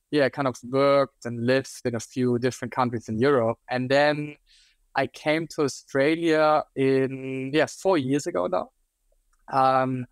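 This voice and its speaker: A man's voice: medium pitch, dry recording. A young man with a German accent, a guest expert answering interview questions in a loose, hedging way with many fillers.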